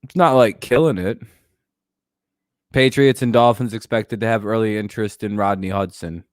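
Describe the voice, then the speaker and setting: A man's voice: on the low side, moderate pace, no room sound, studio quality. A man hosting a casual sports talk stream, rambling and joking with plenty of profanity. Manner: frequent fillers and restarts. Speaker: host.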